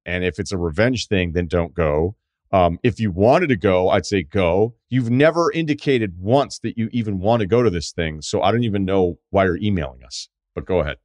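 A podcast host in his forties talks through a listener's problem in a blunt, emphatic, rambling way. His voice sits a bit low. The studio mic sounds dry and close. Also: dry recording. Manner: blunt, emphatic, conversational with many asides. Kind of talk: casual advice chat.

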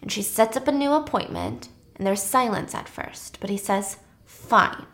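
A young woman hosting, retelling a film in a casual, animated and slangy way. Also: medium pitch, moderate pace. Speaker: host. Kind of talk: casual film recap while eating.

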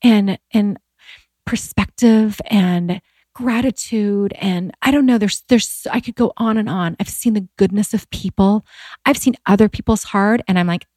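A woman's voice: medium pitch, a little slow, a little mellow, no echo. A woman in her forties, a guest telling personal stories in candid, heartfelt conversation, with many fillers and a voice that rises when she is moved. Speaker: podcast guest.

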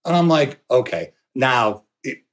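A middle-aged man telling a long anecdote with lively energy, swearing and laughing as he goes. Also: mid-range voice, unhurried. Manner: animated, swearing, laughing storyteller. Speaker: podcast guest. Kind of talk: storytelling anecdote.

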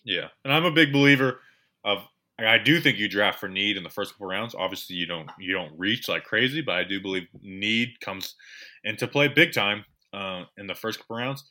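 A man co-hosting a casual sports podcast, animated and repeating himself as he talks. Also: on the low side, normal speed. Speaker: podcast co-host.

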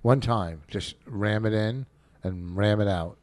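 A man's voice: lowish voice, takes it slowly, a little mellow, no room sound. Goading crude man podcaster. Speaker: podcast host. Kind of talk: casual comedic chat.

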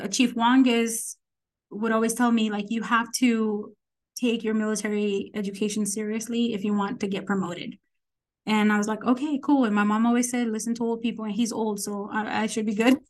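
A woman in her forties, a podcast guest, telling stories casually and acting out the people she quotes. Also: medium pitch. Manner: animated, quotes people in acted voices. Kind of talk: casual storytelling interview.

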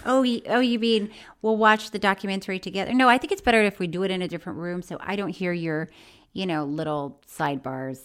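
A woman's voice: mid-range voice, quick pace, fairly bright tone. A woman co-hosting a casual chat show, teasing and laughing as she talks. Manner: teasing, laughs often, stumbles over names. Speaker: podcast co-host.

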